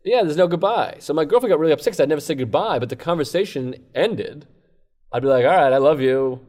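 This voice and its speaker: A man's voice: a little high, lively intonation, fast, a little mellow. A man who is a comedian, talking as a guest on a podcast in a casual, rambling, self-deprecating way. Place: comedy club.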